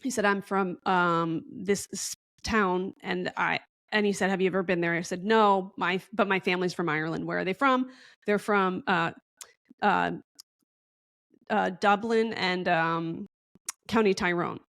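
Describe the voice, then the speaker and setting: Chatty storytelling woman, low dry voice. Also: fairly even intonation, a little slow, creaky, a bit bright, no room sound. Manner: chatty, rambling storyteller acting out quoted dialogue. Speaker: podcast guest. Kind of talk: casual storytelling interview.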